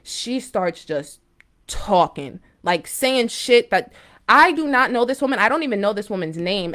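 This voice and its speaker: A woman's voice: on the high side, lively intonation, unhurried, a bit bright. Rambling young woman telling a story. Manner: rambling, many fillers and restarts, emphatic. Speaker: spiritual live-stream host. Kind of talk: casual storytelling to viewers. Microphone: phone or webcam, live stream.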